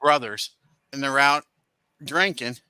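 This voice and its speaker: A man with a very bright, sharp voice hosts a casual group chat and tells a story. He swears freely and acts out the quotes loudly. The sound is dry and close. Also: medium pitch, slow, clear, resonant tone, dry recording. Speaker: host.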